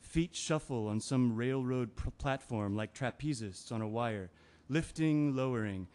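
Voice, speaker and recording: A man's voice: medium pitch, unhurried, a little mellow, close to an everyday voice. A man playing a brooding, anxious partner. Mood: dreamy. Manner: brooding, bursts into anger. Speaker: Ben's partner. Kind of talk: audio drama acting, inner monologue.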